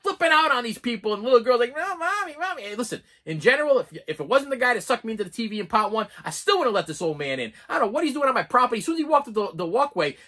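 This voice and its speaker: A man giving casual movie reviews in an excitable, rambling way, full of restarts and fillers. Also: extremely high pitch, rapid-fire, hardly any pauses.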